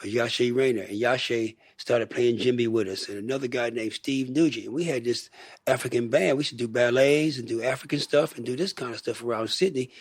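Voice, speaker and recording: The recording is clean studio sound with no room tone as an older American man from Michigan speaks a little fast at a medium pitch. He's a guest musician in a casual interview, rambling animatedly and acting out quotes.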